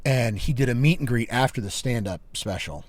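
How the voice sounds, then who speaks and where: A man's voice: mid-range voice, animated, fairly quick, no echo. A man co-hosting a podcast, telling a personal story in casual chat, emphatic and peppered with "like" and "dude". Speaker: podcast co-host.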